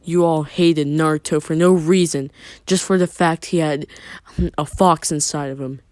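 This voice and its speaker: A man voicing a loyal young girl who scolds a crowd with flat scorn. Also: fairly high pitch, moderate pace, smooth, no echo, clean studio sound, natural voice. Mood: scornful.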